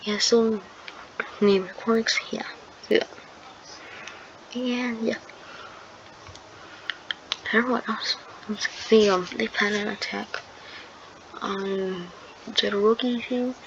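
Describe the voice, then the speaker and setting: A woman's voice: medium pitch, fairly even intonation, takes it slowly, pauses often, a bit bright. A woman improvising a fan-fiction story, rambling and hesitant with many fillers and restarts. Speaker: channel host telling a fan story. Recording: dull lo-fi sound with clear background noise.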